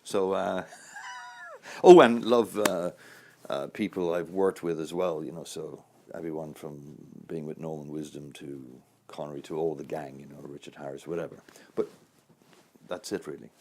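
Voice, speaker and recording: A man's voice: extremely low pitch, steady tone, normal speed, a little mellow, a little hiss or hum. A man in his sixties, an actor, answering interview questions in a rambling, anecdotal way with frequent chuckles. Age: 60s.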